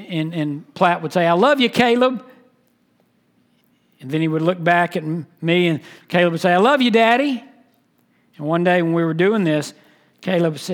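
A man preaching a sermon. He reads scripture aloud, often repeats words and restarts his sentences, and drops to a hush for emphasis. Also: high-pitched. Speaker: pastor.

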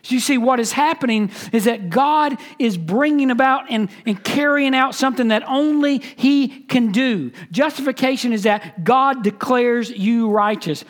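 Pastor teaching a sermon, stretches out words, keeps repeating the main point, asks the room questions. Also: medium pitch. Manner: emphatic, repeats key phrases and drawn-out words. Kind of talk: expository sermon.

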